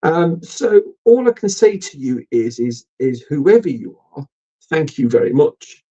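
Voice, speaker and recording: A man's voice: on the high side, very animated, measured pace, mellow. A middle-aged man hosting a casual live stream, rambling and swearing with lots of ums. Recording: dull lo-fi stream audio.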